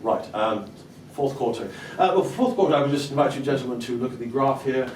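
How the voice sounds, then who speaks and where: A man's voice: medium pitch, animated, fairly quick, darkish tone, a little hiss or hum, pitched below the performer's own voice, lightly acted. Man doing a brusque CEO. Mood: businesslike. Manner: impatient, businesslike, stammering fillers. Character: brusque American male corporate CEO. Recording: roomy live club, distant mic, audience laughter.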